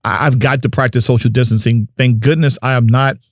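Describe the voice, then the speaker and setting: A man's voice: medium pitch, steady tone, a little fast, no room sound. Guy from jersey hosting a podcast, joking around, hyping people up, dry sound. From New Jersey. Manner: playful, chatty, hypes up guests. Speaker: podcast host. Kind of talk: casual podcast chat.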